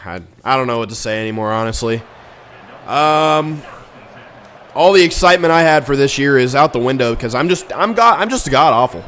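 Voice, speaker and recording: A young man commentating his own football video game, exasperated and ranting, with sudden loud outbursts. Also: medium pitch, a little hiss or hum. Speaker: gaming YouTuber. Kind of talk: live gameplay commentary.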